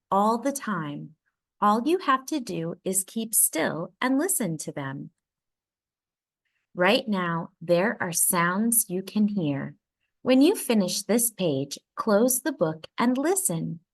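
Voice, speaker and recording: A woman reading a children's picture book aloud, expressive and playful with the sound words. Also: mid-range voice. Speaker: read-aloud storyteller.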